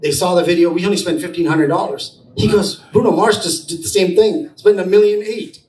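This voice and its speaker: At an entrepreneurs' event, a man with a slightly mellow, high-sitting, brisk voice tells personal anecdotes, acting out dialogue in quotes. The audience-filled event room is caught by a distant mic, sounding roomy with faint ambience.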